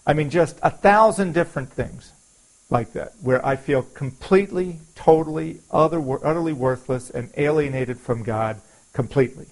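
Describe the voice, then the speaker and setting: A man's voice: on the high side, moderate pace, low-quality recording. A man preaching a sermon in an earnest, confessional way, quoting scripture and repeating phrases for emphasis.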